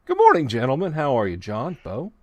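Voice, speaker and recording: A man's voice: mid-range voice, huge pitch swings, fairly quick, darkish tone, no room sound. A man hosting a sports podcast, opening with an emphatic, dramatic monologue. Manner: emphatic, dramatic build-ups. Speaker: podcast host.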